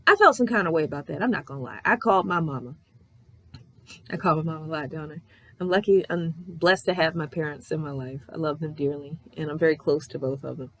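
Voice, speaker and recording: A young woman vlogger telling a story in a casual, animated way, swearing often and ranting in exasperation. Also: low-pitched, fast.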